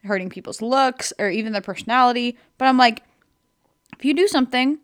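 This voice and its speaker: A young woman hosting a podcast in casual chat, rambling and filling her sentences with "like". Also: fairly high pitch. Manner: rambling, fills every pause with "like". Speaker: podcast host.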